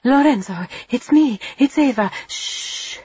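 A woman's voice: medium pitch, moderate pace, a little mellow, slightly rough, no room sound, muffled recording, pitched above the performer's own voice, natural voice. A woman voicing an urgent, determined young woman in a storybook reading, who speaks commandingly.

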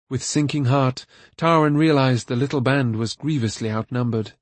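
A man narrating a fantasy novel aloud in a steady, even storytelling manner. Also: medium pitch, normal speed, few pauses, no room sound. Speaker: audiobook narrator. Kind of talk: scripted narration.

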